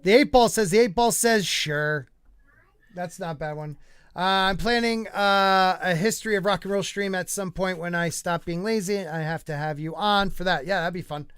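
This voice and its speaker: A man's voice: sits high, moderate pace, fairly bright tone, clean tone, dry recording, clean studio sound. A man hosting a livestream podcast, joking around and reading out viewer chat in a rambling, casual way. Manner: jokey, rambling, reads chat aloud. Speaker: podcast host.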